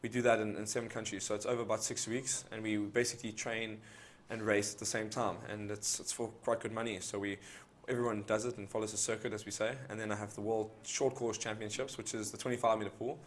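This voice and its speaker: A man's voice: on the low side, flat delivery, fast talker, hardly any pauses, a little hiss or hum. A man answering interview questions about his racing schedule in a plain, matter-of-fact way. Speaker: athlete guest.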